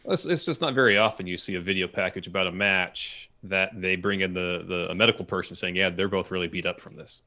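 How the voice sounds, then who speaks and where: A man co-hosting a casual chat, chiming in quickly with comments and agreement. His voice is very low and gravelly, with a bright edge. He talks at a brisk clip. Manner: quick, chatty, chimes in with agreement. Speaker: podcast co-host.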